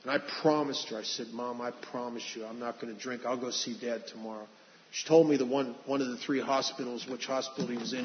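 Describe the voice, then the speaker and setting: A man's voice: mid-range voice, a little hiss or hum. Man, personal testimony, confessional, restarts a lot, dull lo-fi hall recording. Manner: earnest, confessional, frequent restarts. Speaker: speaker sharing his recovery story.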